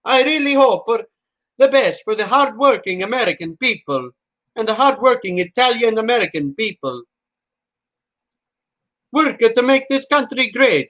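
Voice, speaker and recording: A man's voice: very high-pitched, fairly bright tone, pitched above the performer's own voice, heavily acted. A man doing a mock impression of a pompous older Italian dictator making a grandiose speech to Americans. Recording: dull lo-fi audio.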